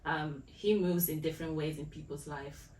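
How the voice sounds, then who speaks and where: Low-voiced reflective woman podcaster. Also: fairly even intonation, moderate pace, a little mellow. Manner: reflective, thinking aloud with restarts. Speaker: podcast co-host. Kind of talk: casual faith conversation. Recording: echoey room, distant mic, faint noise.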